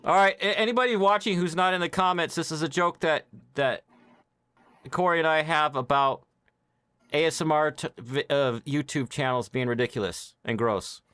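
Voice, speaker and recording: A man's voice: a little high, moderate pace, clear, resonant tone. A man hosting a livestream, telling stories in casual chat and laughing often. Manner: animated storyteller, laughs often. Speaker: livestream host. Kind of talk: casual chat while gaming.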